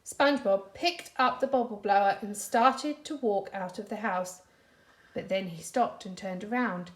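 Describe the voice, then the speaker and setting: A primary school teacher with a British accent reading a storybook aloud to children, expressive and animated. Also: female voice, medium pitch, a little slow. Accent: British English.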